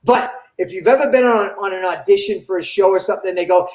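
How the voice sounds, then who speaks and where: An older man, a comedian guest, telling an animated story in an interview and acting out the dialogue. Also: sits high, fast talker. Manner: animated, acts out quoted dialogue. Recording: roomy echo.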